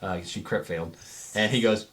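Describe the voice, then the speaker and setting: A man's voice: on the low side, a bit bright. A man running a tabletop game as game master, narrating the scene and laughing often. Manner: laughs often while narrating, quick voices for guards.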